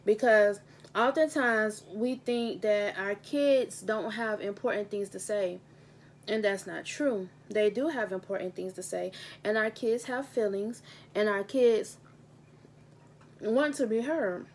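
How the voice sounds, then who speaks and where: A woman's voice: mid-range voice, slow pace, slight background noise. A young adult woman, a teacher, talking in a casual vlog at a table at home, earnest and heartfelt, repeating her points for emphasis, recorded on a camera mic. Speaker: teacher and vlogger. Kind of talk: casual mukbang vlog talk. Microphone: handheld camera mic.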